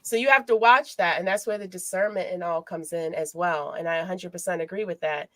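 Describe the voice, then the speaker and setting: A woman hosting a podcast as a life coach, telling personal stories in an expressive, motivational way. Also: fairly low pitch, fairly quick, dry recording. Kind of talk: casual podcast chat.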